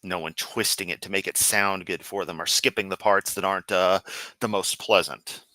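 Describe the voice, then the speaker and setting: A man's voice: deep voice, fairly even intonation, normal speed, pushed and bright, no room sound, rough recording. A man hosting a live stream, commenting casually and sarcastically with frequent uh and um. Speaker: streamer host.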